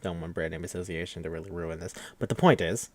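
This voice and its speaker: A man hosting a podcast, recapping an anime episode in an animated, profane, incredulous chat. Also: low-pitched, fast, dry recording.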